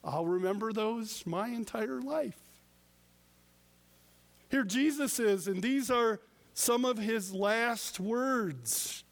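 A man preaching a sermon as pastor, deliberate with emphatic pauses. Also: high voice, big-room sound.

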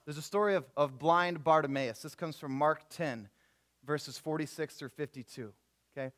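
A man's voice: a little high, moderate pace. A young man preaching a sermon, telling stories casually and acting out the people in them. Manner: animated storytelling with voiced characters, casual slang. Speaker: youth preacher.

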